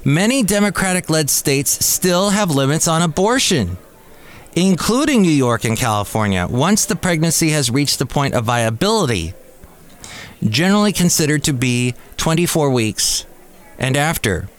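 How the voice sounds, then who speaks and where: A man's voice: fairly high pitch, sing-song, normal speed. A man hosting a podcast from a cafe. He talks in a casual, rambling monologue full of jokey, sarcastic asides. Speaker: podcast host.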